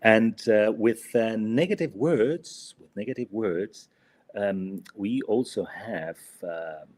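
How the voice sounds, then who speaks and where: A man talks through a podcast English lesson, pausing on fillers and tacking little checks onto his sentences. His voice is husky and sits fairly low. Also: darkish tone. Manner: hesitant, many fillers and tag "no?". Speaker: co-host and English teacher.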